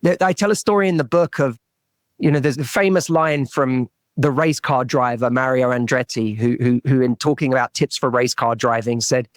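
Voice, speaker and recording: A man's voice: medium pitch, fairly even intonation, moderate pace, no echo, studio quality. A man who works as a relationship coach, talking as a guest in a podcast interview, telling a personal story earnestly and often restarting and repeating words.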